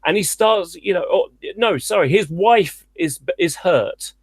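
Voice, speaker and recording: A man hosting a call-in debate, challenging a caller in an exasperated, animated way. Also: high-pitched, a little slow, slightly rough, no echo. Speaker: host.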